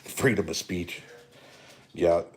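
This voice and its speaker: Speaking slowly in a low voice, a middle-aged man from Canada rambles and jokes through a profanity-laden, casual live-stream rant as host.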